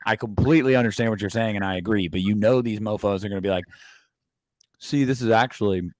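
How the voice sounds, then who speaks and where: A man's voice: lowish voice, fairly even intonation, racing, a little mellow, dry recording. A man co-hosting a casual livestream, talking animatedly and sarcastically while reading viewer comments aloud. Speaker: podcast co-host.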